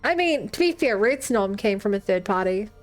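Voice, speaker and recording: A woman's voice: medium pitch, animated, moderate pace, soft background music. A woman streamer chatting casually and rambling as she plays a game. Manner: chatty, rambling, laughs easily. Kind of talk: casual live-stream commentary.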